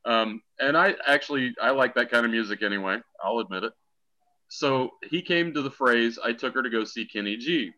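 Wry middle-aged man with a bright voice. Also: mid-range voice, fairly quick, highs cut off. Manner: wry, joking storyteller. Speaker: podcast guest, a co-host's father. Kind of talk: casual chat.

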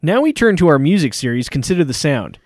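A man hosting a mock radio show with smooth announcer delivery. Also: on the high side, very animated, fast talker, darkish tone, dry recording, studio quality, faint music behind. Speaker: host.

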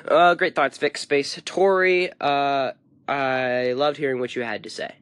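A man's voice: medium pitch, fairly even intonation, unhurried, a bit bright, clean tone, dry recording. A young man hosting a comedic solo podcast in a playful, theatrical way. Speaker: podcast host.

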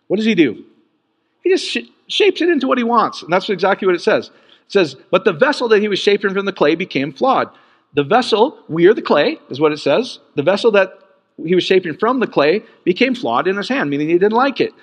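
A man preaching a sermon in an animated way, jumping from loud bursts to quiet asides. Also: a little fast, in a large hall, lo-fi sound. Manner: animated, swings from loud peaks to low asides.

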